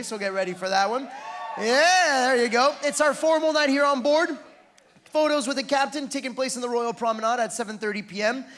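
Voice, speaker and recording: A man's voice: high voice, a bit bright. A man working as a cruise director, making upbeat emcee announcements from a ship's theater stage.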